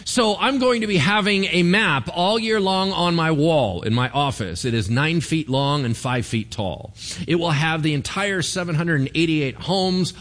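A man, a pastor, giving a conversational sermon in an animated way and often checking in with the congregation. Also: a little high, moderate pace. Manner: animated, keeps asking the congregation "right?".

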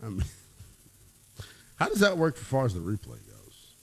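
A young man hosting a sports talk radio show, playful and animated, often laughing. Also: medium pitch, normal speed, husky. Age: young adult.

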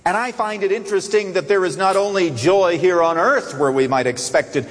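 A man preaching a sermon, rising to emphatic high phrases and then dropping to soft, quiet asides. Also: brisk. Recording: long reverb of a large hall.

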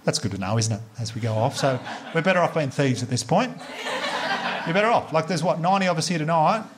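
Australian male stand-up, thirties, rapid animated delivery, faint live ambience. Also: a little high, noisy background. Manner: animated storytelling, acts out characters with swearing. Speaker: stand-up comedian. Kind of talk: stand-up comedy set. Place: live comedy venue.

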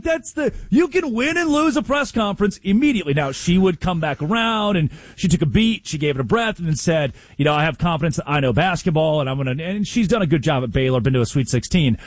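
A man's voice: a little high, dry recording. A man co-hosting a casual sports talk show, telling stories and acting out the coaches he quotes, often restarting his sentences. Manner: animated storyteller, acts out quoted coaches.

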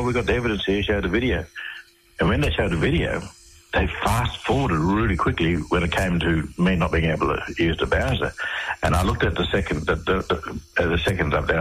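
Radio guest, Australian man, very deep voice, rambling storyteller who restarts often, faint background hiss. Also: a bit bright, poor audio. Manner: rambling, with many restarts and repeated words. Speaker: interview guest. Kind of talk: casual radio interview storytelling.

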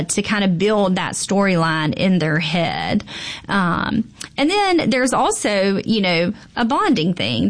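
Chatty woman pediatrician. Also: medium pitch. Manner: animated, emphatic, frequent fillers. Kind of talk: casual podcast chat.

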